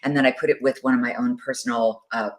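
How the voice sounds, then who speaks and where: A woman's voice: a bass voice, steady tone, fast talker. A woman co-hosting a live social media show, chatting casually, greeting viewers by name and laughing often. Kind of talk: casual live-stream chat reading viewer comments.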